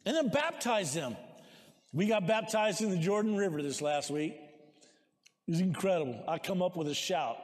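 A man with a very high voice preaches to his congregation, urging them on and calling out for amens. He rises to shouts at the high points. His voice rings with the long reverb of a large church sanctuary. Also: very animated, normal speed. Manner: exhorting, calls for amens, shouts at peaks. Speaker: pastor. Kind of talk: sermon.

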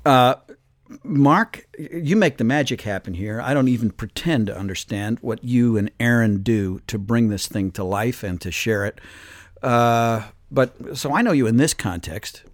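A man's voice: mid-range voice, a little slow, no room sound, clean studio sound. A man in his sixties hosting a podcast, telling stories in a chatty, rambling way with many fillers. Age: 60s. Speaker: podcast host. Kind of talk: casual podcast chat and storytelling.

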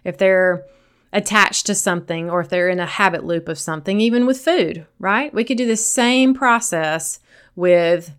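A woman's voice: fairly low pitch, normal speed, clean tone. A woman with a Southern accent hosting a solo podcast, speaking earnestly and encouragingly straight to her listeners. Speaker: podcast host.

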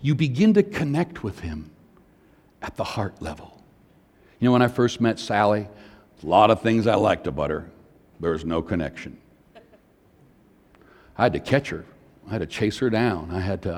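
A man's voice: on the low side, lively intonation, normal speed, long pauses. An older man preaching a sermon, a conversational pastor who tells personal family stories to make his points. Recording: long hall reverb.

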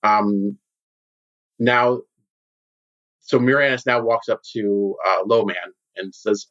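Casual game master with dull lo-fi sound. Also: male voice, fairly low pitch, fairly even intonation, takes it slowly, pauses often, fairly bright tone. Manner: casual, filler-heavy narration. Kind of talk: narrating a tabletop game.

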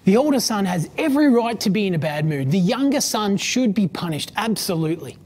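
A woman playing smug, judgmental rule-keepers, agreeing with each other firmly. The voice is husky, told within a sermon. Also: medium pitch, very animated, fairly quick, darkish tone.

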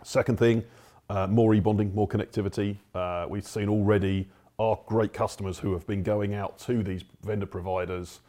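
A man's voice: fairly low pitch, fairly even intonation, moderate pace, mellow. A man with a South African accent, explaining things steadily as an expert guest on a panel. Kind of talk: panel discussion.

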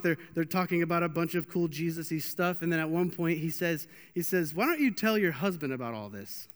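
A young man preaching a casual, joking sermon with lots of restarts, in a church hall. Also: sits high. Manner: animated, joking, with many restarts. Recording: long hall reverb.

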